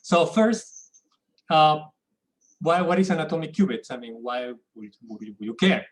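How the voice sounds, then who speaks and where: A man giving a technical lecture as a guest speaker, talking in a halting way with frequent restarts and repeated words. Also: a little high, animated, rough recording.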